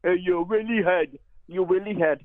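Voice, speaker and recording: A man's voice: high voice, normal speed, no echo. A man who owns a shop, answering a phone call and angrily swearing back at the caller. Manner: swearing, shouting back insults. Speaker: shop owner taking a call. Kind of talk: angry phone argument. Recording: phone line.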